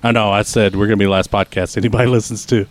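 A man's voice: on the low side, steady tone, very fast. A man hosting a podcast, joking loosely with his co-hosts. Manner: joking, loose, plugs the stream. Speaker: podcast host. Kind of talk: casual chat.

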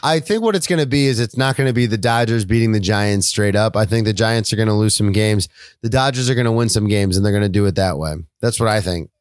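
A man co-hosting a sports podcast, trading quick opinions and laughs with his partner in casual chat. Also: lowish voice, smooth, dry recording, clean studio sound. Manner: laughing, interrupting banter. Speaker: co-host.

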